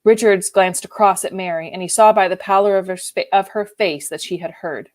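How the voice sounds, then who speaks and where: A woman reading a novel aloud in an expressive, emotionally involved way. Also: mid-range voice, a little fast. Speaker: reader. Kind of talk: audiobook reading.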